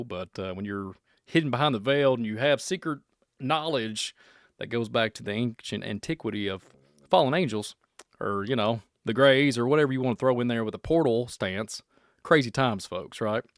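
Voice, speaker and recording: Kentucky man hosting a livestream, mid-pitched, wanders and jokes, close dry sound. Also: no echo. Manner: rambling, speculative and joking. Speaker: podcast host. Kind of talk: casual livestream chat.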